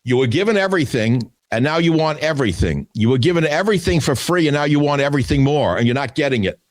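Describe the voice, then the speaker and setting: A man's voice: on the high side, animated, quick pace, no room sound. An older man hosting a talk radio show, delivering a combative, scornful solo monologue. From United States.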